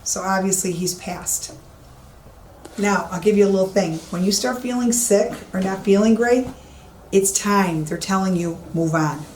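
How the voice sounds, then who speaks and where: At a moderate pace, a psychic medium with a mid-range, slightly mellow voice comments on her way through an old, empty police station. She stresses her words and says things more than once. The audio carries echo from the room and a faint hiss.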